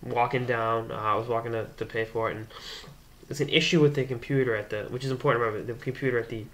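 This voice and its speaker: A young man from the Boston area hosts his own hockey show and tells a long story in a casual, rambling way. His voice is bright and forward, and he often restarts his sentences as he builds the anecdote. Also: medium pitch, steady tone, quick pace. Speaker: hockey blogger and show host.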